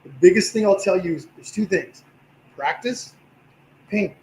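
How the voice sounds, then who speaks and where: A man with a slightly tired voice, teaching a livestream painting class in a relaxed, encouraging way while he works. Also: high-pitched, moderate pace, roomy sound, slight background noise, poor audio. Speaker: painting instructor.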